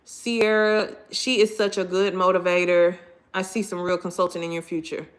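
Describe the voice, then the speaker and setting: Animated woman chatting to live viewers. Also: fairly low pitch, normal speed. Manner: animated, expressive, slangy. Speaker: live-stream host. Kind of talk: casual chat with live viewers.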